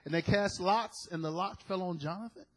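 Husky high-voiced man preaching. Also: normal speed, poor audio. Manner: animated storytelling, acting out quotes, laughing. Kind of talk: sermon with personal story.

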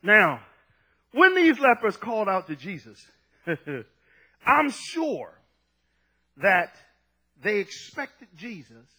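Fervent high-voiced preacher, hoarse edge. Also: male voice, poor audio. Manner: fervent, swings from quiet to shouting, acts out scripture. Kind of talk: sermon.

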